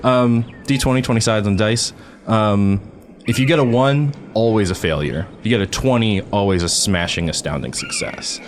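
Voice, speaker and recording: A man's voice: lowish voice, moderate pace, slight background noise. A man narrating and explaining rules as dungeon master of a tabletop game, amused and full of ums.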